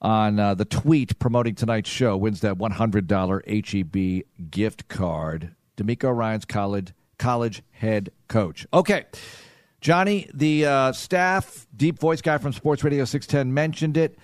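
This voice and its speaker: A man's voice: fairly low pitch, measured pace, no room sound. Male sports radio host, dry studio sound. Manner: conversational, runs promos and questions. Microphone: studio microphone.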